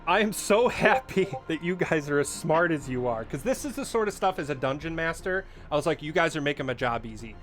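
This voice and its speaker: A man's voice: on the high side, lively intonation, brisk, few pauses, fairly bright tone, soft background music. A man running a tabletop game as dungeon master, patiently explaining the rules with lots of fillers.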